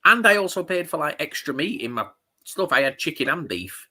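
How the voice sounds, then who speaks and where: Jokey man with a bright, forceful voice. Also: fairly high pitch, big pitch swings, brisk. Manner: banterous, jokey. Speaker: podcast co-host. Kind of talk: casual football watchalong chat.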